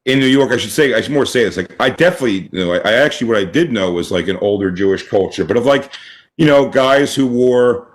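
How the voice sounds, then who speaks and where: A man in casual podcast chat who rambles with halting restarts. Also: mid-range voice, expressive.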